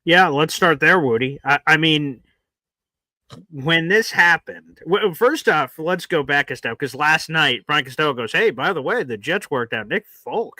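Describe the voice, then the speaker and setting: A man co-hosting a casual sports talk show, telling stories with animated acted-out reactions. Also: fairly high pitch, unhurried, no room sound. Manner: animated storyteller, acts out his own reactions. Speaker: podcast co-host.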